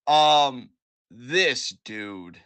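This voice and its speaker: A man co-hosting a wrestling podcast in casual chat, animated and profane, often acting out imagined dialogue. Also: medium pitch, extremely slow, clean tone, no echo.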